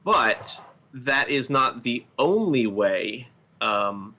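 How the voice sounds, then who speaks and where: A man from the United States speaking in a casual podcast chat, measured and explanatory, often pausing on "um". His voice is bright and clear, at a middle pitch. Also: expressive, slight background noise. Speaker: podcast co-host. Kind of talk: casual political commentary.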